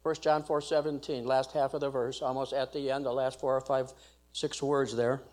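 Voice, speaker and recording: A man's voice: mid-range voice, level tone, normal speed, a little mellow. A man preaching a sermon as pastor, emphatic and repetitive.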